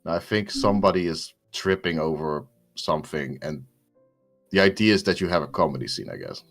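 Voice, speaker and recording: Man, very low voice, deadpan, casual game-stream banter, faint background music. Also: a little fast. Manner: deadpan, joking, reads card prompts aloud.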